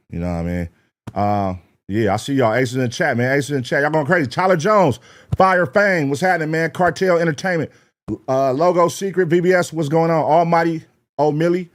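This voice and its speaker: A young man hosting a live reaction stream, talking loosely with profane slang, laughing and shouting out names from the chat. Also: mid-range voice, moderate pace.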